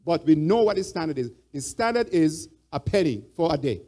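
A man's voice: fairly high pitch, sing-song, a little fast, mellow. A church elder teaching a Bible study. He repeats his points and prompts the group with fill-in "what?" questions.

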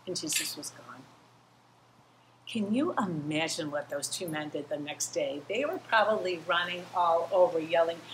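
Bright-voiced woman telling kids a story. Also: on the low side, a little hiss or hum, low-quality recording. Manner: animated, acts out quoted voices, talks straight to kids. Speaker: children's message leader. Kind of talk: children's sermon storytelling.

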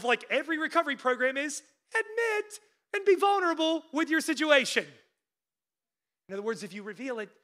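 High, bright-voiced male preacher. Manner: preaching that swings between loud urgent peaks and hushed lows; conversational asides with frequent "like" fillers. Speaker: pastor. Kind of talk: sermon.

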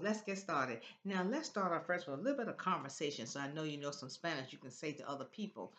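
A woman teaching a Spanish class, slowly drilling words in a sing-song way for students to repeat. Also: fairly low pitch, expressive, a bit bright, dull audio. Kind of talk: classroom language lesson.

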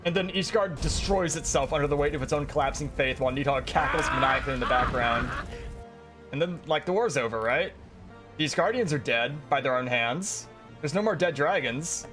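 A man giving casual, profane commentary while playing a game, excitable and laughing often. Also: on the high side, a little fast, soft background music. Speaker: streamer reacting to a game.

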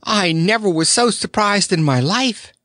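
A man voicing young Dorothy, a kind and earnest girl, in a raised gentle voice. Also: high-pitched, expressive, unhurried, no room sound, studio quality, voice pushed up.

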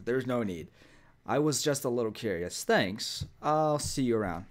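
A man's voice: medium pitch, lively intonation, normal speed, slight background noise. A man hosting a let's play, joking around and reading the on-screen text aloud. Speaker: gaming video host.

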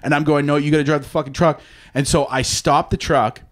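With a fairly high voice and a brisk pace, a podcast guest animatedly relates a story in relaxed conversation, swearing freely as he goes. He brings the people in it to life by acting out their voices.

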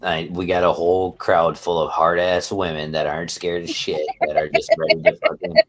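A deep, level-toned male voice at normal speed belongs to a casual stream host. Rambling and profane, he chats directly with his audience.

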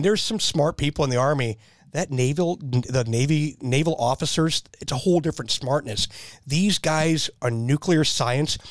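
Fiftyish male veteran guest, eager rambling storyteller, somewhat high voice, dry close sound. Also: no room sound. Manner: enthusiastic, rambling storyteller who repeats himself. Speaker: podcast guest, military veteran. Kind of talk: casual storytelling.

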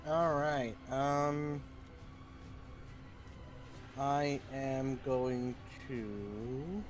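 Slow, hesitant male player. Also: medium pitch, steady tone, faint music behind. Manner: hesitant, with fillers. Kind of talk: tabletop game play.

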